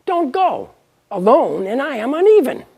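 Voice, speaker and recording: A woman voicing Even, the pushy young first woman, in a high, shrill and husky voice. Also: moderate pace, heavily acted. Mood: pleading. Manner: shrill, insistent.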